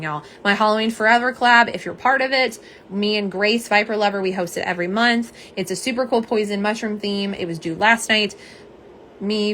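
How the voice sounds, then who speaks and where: A tired woman hosts a casual nail polish livestream, chatting warmly and reading viewer comments aloud. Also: medium pitch, slight background noise. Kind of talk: casual live-stream chat.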